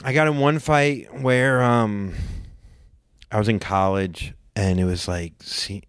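A man in his forties with a lowish, clean-toned voice co-hosts a podcast, taking it slowly as he tells a story in casual banter. Whenever he quotes someone, he jumps into a raised voice, animatedly acting it out. The recording is dry.

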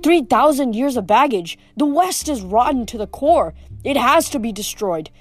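A woman reading the part of a smooth, scheming teenage boy villain in an audiobook, with a mocking manner. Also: a little high, lively intonation, normal speed, dry recording, soft background music. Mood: scornful.

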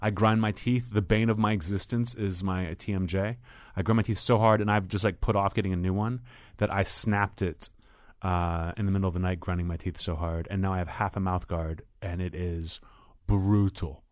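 Dry sarcastic man with a low voice. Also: fairly even intonation, normal speed, dry recording. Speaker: podcast co-host, comedian. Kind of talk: casual chat.

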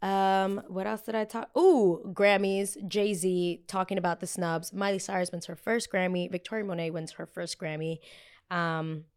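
Brief: young female host, smooth and clear voice, sits a bit low, chatty, rambling and sassy. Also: steady tone, moderate pace, a little mellow. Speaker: podcast host. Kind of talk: casual pop culture chat.

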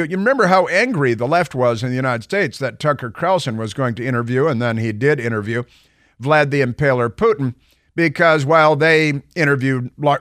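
A man's voice: medium pitch, fairly bright tone, clean tone, dry recording, studio quality. A man hosting a talk radio show, delivering a sarcastic monologue. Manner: sarcastic, mocking quoted voices.

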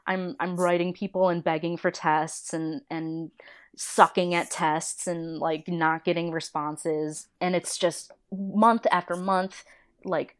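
A woman's voice: lowish voice, slow, smooth. A woman in her thirties, a storyboard artist, chatting casually as an interview guest and telling stories with lots of laughter and acted-out quotes. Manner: animated storyteller, laughs often, acts out quoted voices. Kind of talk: casual chat.

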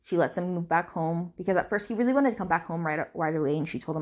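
A woman with a slightly low voice recaps a book for her podcast listeners, wandering through the plot in a loose, conversational way. She often backtracks, fills gaps with fillers and restarts her sentences as she goes. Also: fast talker, hardly any pauses, a little mellow, dull audio. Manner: chatty, rambling, with many fillers and restarts. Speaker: podcast host.

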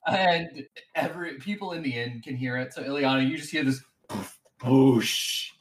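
A man running a tabletop game as game master, animated, often laughing and putting on voices for characters. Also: mid-range voice, normal speed, slight background noise.

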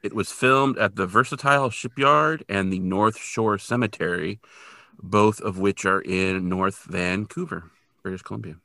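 Guy with a gravelly bright voice, chatty podcast recap, says like a lot. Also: on the low side, measured pace, no room sound, studio quality. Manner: loose retelling full of "like" fillers. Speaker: podcast co-host. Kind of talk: casual episode recap.

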